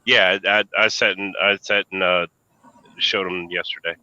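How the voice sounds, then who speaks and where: A man with a light Southern US accent chatting on a stream, firing off questions with halting restarts. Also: deep voice, steady tone, bright, forceful tone. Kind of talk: casual chat. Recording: dull lo-fi mic.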